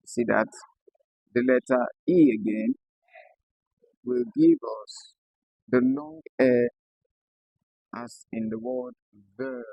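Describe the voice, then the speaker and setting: A man teaching English pronunciation at a board, spelling out letters slowly and checking in often with his students. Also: medium pitch, vocal fry, mellow, dry recording, rough recording. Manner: slow, deliberate, spells out letters and checks in with the class. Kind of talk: classroom lesson at a board.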